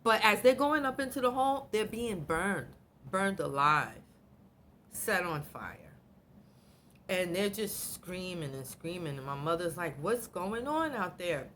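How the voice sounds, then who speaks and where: A middle-aged woman vlogger telling a personal story in an animated, blunt way, swearing freely. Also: fairly low pitch, measured pace, slight background noise. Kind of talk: emotional storytelling.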